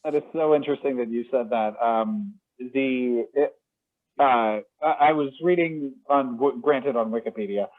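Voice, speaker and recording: A man's voice: mid-range voice, moderate pace. A young man co-hosting a casual podcast, hesitant and talking in restarts and fillers. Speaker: co-host. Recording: tinny phone-like line.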